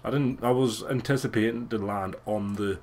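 A young man with a low voice chats over his gameplay. He swears freely and jokes around with easy excitement. A faint hiss of noise sits under the voice. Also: normal speed. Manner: crude, swearing, excitable and joking. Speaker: let's play gamer. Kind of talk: casual gameplay commentary.

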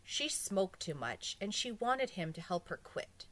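A woman reading a children's story aloud in an expressive storybook manner. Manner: expressive, slow, lively pitch. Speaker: audiobook reader. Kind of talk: storybook narration.

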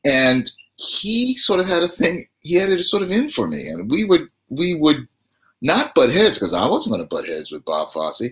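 A man's voice: a little high, normal speed. A man telling theater anecdotes as a talk show guest, acting out the quotes as he goes. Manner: animated storyteller, acts out quotes.

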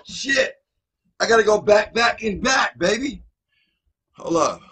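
Excitable high-voiced male reaction host. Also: slow, slightly rough. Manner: excitable, exclaims and interjects over the track. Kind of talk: casual reaction commentary. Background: song playing faintly.

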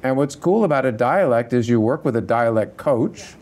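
A middle-aged man who teaches acting, talking through a workshop Q&A in an animated, conversational way and swearing casually. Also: mid-range voice, normal speed. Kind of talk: workshop Q&A talk.

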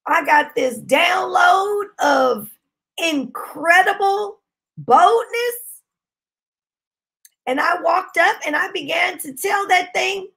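A woman preaching a sermon, telling a testimony with impassioned shouting bursts. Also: very high voice, expressive, slow pace, vocal fry, pauses often. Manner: impassioned, shouting bursts, Southern-style speech.

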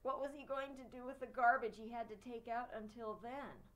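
A woman reading a children's chapter book aloud, expressive. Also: fairly high pitch, moderate pace, low-quality recording. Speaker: storyteller.

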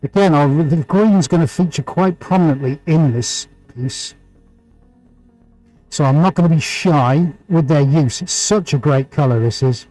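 A man's voice: on the high side, a little mellow, low-quality recording. A man hosting a live painting stream, chatting casually, greeting viewers by name and laughing often. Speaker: livestream painting host.

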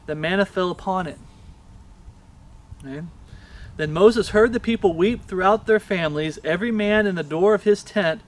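Male pastor, higher voice, impassioned sermon delivery, scripture readings and rhetorical questions. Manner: impassioned preaching, reads scripture aloud, asks rhetorical questions.

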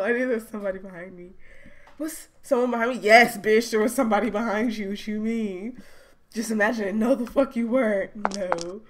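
A woman's voice: medium pitch, normal speed. A woman giving jumpy, profane commentary while playing a horror game, chatting to her viewers. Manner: jumpy, swears a lot, talks to viewers. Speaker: let's play gamer. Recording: loud background noise with clicks.

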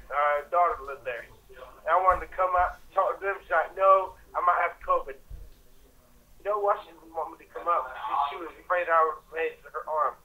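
High, bright-voiced man ranting crudely. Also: slight background noise, rough recording. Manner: crude, crass and rambling with frequent restarts; angry, taunting outbursts. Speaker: vlogger. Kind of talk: rambling profane rant to camera.

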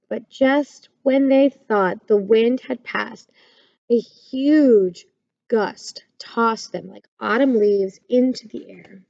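Female storyteller, children's read-aloud, gentle and clear, higher voice, dry muffled sound. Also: takes it slowly, no echo.

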